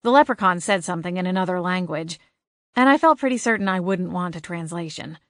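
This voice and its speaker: A woman's voice: lowish voice, fairly quick, no echo. Woman narrating a cozy audiobook, dry close. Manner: lively storytelling with wry asides. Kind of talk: first-person audiobook narration.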